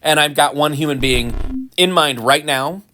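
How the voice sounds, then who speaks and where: A man giving casual, rambling commentary while playing a game, full of ums and restarts, with animated mock-indignant asides. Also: fairly high pitch, unhurried. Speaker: gaming channel host.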